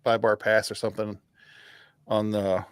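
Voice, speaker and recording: A man co-hosting a casual bourbon podcast, telling a story in halting bits and restarting often. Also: on the low side, flat delivery, clear, resonant tone, no echo, studio quality. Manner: halting, restarts often while recalling details. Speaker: podcast co-host.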